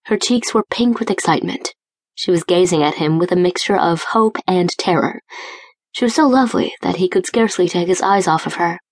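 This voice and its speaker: A woman narrates a romance audiobook in a smooth, even storytelling voice. Her pitch sits on the low side, and the recording is dry and close, with no room sound. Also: no room sound. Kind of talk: scripted narration. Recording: dry close studio read.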